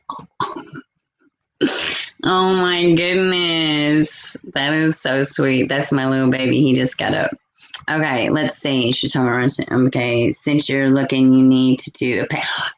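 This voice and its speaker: A woman hosting a casual live stream, chatting and reacting out loud to viewer comments. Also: low voice, reverberant. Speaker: live-stream host reading chat.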